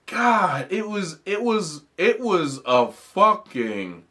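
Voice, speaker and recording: A man hosting a comedy podcast, ranting casually and profanely about a TV show, with animated mock quotes. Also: sits high, slow, few pauses. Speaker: podcast host.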